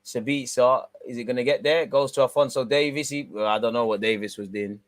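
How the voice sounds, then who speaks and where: A young man hosting a live football watch-along, slangy banter between bursts of excited play-by-play. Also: medium pitch, a little fast, no echo.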